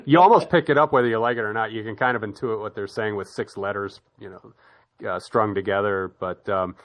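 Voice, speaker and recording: A man's voice: fairly low pitch, brisk. A man from the United States hosting an interview, chatting loosely with many restarts and frequent laughter. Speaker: podcast host. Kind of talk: casual interview chat.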